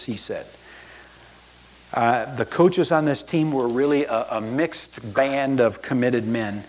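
A man's voice: medium pitch, slow, rough recording. A man preaching a sermon as a pastor, telling stories and acting out quoted voices with emphasis.

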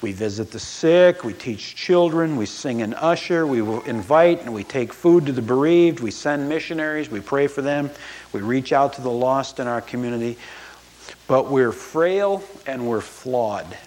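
A man's voice: mid-range voice, expressive, normal speed, darkish tone, poor audio. A man preaching a sermon as a pastor, telling stories and acting out quoted voices with emphasis.

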